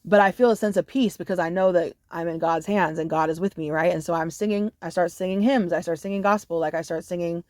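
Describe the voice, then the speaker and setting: A woman's voice: lowish voice, fast, few pauses, dry recording, clean studio sound. Profane woman telling a storytime. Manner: profane, animated, full of fillers like "you know". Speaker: storyteller vlogger. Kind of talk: casual storytime monologue.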